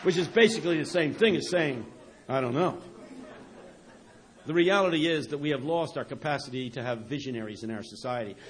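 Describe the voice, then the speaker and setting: A man with a fairly high voice preaches a passionate sermon. He swings from ringing near-shouts down to hushed, quiet lines. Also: fast talker, hardly any pauses.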